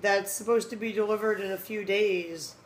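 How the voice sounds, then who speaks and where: A woman's voice: mid-range voice, steady tone, normal speed, noisy background. A woman hosts a casual food-tasting vlog late at night, sounding tired. She is blunt and candid and keeps talking with her mouth full. She speaks into a phone camera indoors at home. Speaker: food vlogger.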